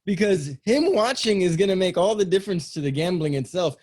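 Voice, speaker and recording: Joking man with a higher voice. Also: lively intonation, brisk, darkish tone. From Texas. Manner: crude, joking, teasing. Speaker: podcast host. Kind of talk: casual chat.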